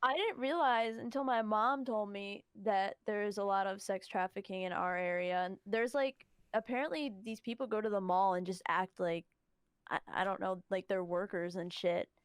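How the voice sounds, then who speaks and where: A woman's voice: mid-range voice, normal speed, clear, resonant tone, dry recording, clean studio sound. A young woman in casual group chat, reacting and passing on what she heard from others. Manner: reactive, conversational, relays what others told her.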